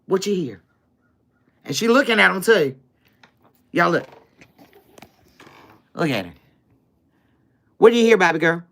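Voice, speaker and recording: A woman reading tarot on a live stream, excitable and exclaiming, talking to viewers as y'all. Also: lowish voice, measured pace, pauses often. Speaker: tarot reader.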